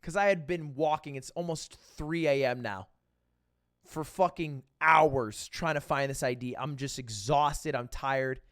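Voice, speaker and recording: A young man, a livestreamer, telling a story casually, animated and profane, acting out quotes. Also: medium pitch, a little slow, no echo, studio quality.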